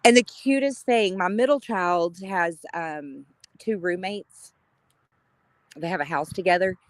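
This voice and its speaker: A middle-aged woman, chatting casually on a live stream, greeting viewers by name with gushing warmth and frequent laughter. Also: lowish voice, measured pace, dry recording.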